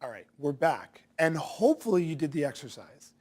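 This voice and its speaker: A man's voice: a little high, big pitch swings, moderate pace, darkish tone. A man coaching salespeople in a direct-to-camera lesson, punchy and challenging, asking rhetorical questions.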